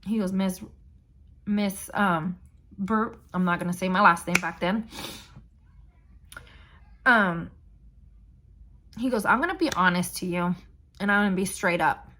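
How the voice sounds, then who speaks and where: A woman's voice: lowish voice, unhurried, pauses often, sharp tone, a little hiss or hum. A young woman vlogger candidly retelling a painful personal story, blunt and emotional.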